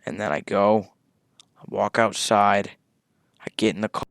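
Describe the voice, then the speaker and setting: A man's voice: lowish voice, steady tone, a little slow, a bit bright, clear, resonant tone, no echo, studio quality. A young man telling a casual story about his own life, rambling along with fillers and swearing.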